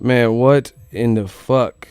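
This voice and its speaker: A man's voice: medium pitch, slow pace, darkish tone, clean tone, no echo. Incredulous, joking man ranting about boxing. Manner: incredulous, joking, profane rant. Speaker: boxing channel host. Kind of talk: casual boxing news commentary.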